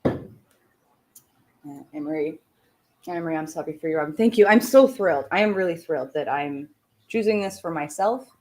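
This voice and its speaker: A woman's voice: sits low, normal speed, long pauses, a little mellow. A woman from Canada talks casually to her livestream viewers. She is candid and blunt, ranting and speaking her mind. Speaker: streamer.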